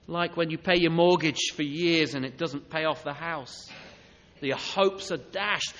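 A man preaching a sermon in a church, swinging between loud urging and soft, intimate asides. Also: fairly high pitch, a little slow. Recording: long echo of a church hall.

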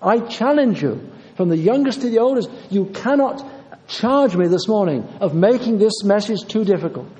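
Earnest preacher in a hall. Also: male voice, high-pitched, animated, moderate pace, mellow. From Yorkshire, England. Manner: earnest, insistent, repeating phrases for emphasis. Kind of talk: sermon. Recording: long reverb of a large hall.

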